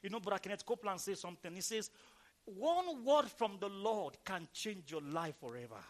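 A male pastor preaching a sermon with emphasis, calling on the congregation to respond and reading scripture aloud in a slow, drawn-out cadence. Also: high voice, very animated.

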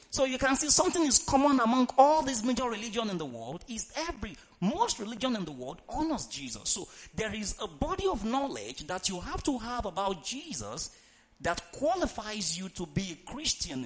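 A male preacher, delivering an emphatic sermon, reading scripture dramatically and urging the congregation to answer out loud. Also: high-pitched, very animated, moderate pace. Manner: emphatic, calls for congregation responses; reads scripture aloud in a dramatic tone.

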